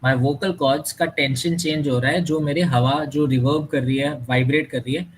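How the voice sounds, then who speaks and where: A man with a fairly high voice races through a classroom lecture, animated and quizzing his students while mixing English with Hindi. The audio is poor, with a little hiss or hum.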